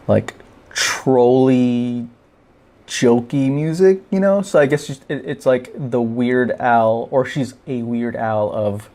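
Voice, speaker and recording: A male podcast host talks at an unhurried, slow pace in a casual monologue. His voice sits at a medium pitch, and his delivery is wry and joking. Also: dark tone.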